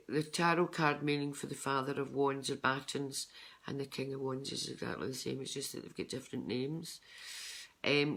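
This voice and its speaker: A woman's voice: sits low, fairly bright tone. An older woman with a Scottish accent, giving a rambling, chatty tarot card reading with lots of ums and restarts. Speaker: psychic tarot reader.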